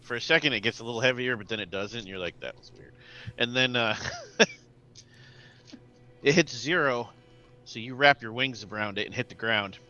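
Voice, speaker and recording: A man's voice: medium pitch, normal speed, long pauses, sharp tone, dull audio. A man narrating as game master of a tabletop role-playing game, telling the scene vividly and laughing along.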